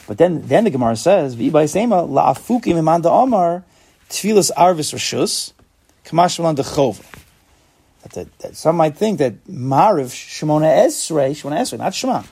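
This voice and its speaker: A man's voice: a little high, vocal fry, a little mellow, breathy edge. A man teaching an informal Talmud class, explaining step by step and asking and answering his own questions.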